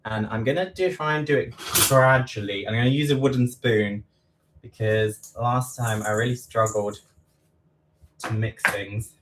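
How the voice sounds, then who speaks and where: A chatty man with an East London accent talks through a live home baking stream, repeating measurements and poking fun at himself. His voice sits at an ordinary middle pitch. Faint noise and kitchen clicks run underneath. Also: steady tone, measured pace. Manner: chatty, self-deprecating, repeats quantities aloud. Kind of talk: casual live baking chat.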